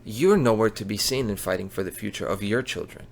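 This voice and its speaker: Profane, ranting man with a low voice. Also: brisk, creaky. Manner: angry, profane, contemptuous. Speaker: show host. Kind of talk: ranting commentary.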